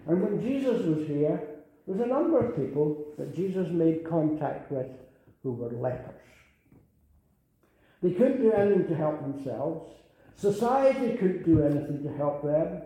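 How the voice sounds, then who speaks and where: An older male preacher with a fairly high, mellow voice delivers an earnest sermon. He repeats key phrases and swells into emphatic calls. The room around him rings with heavy echo. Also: lively intonation, moderate pace. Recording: very echoey room.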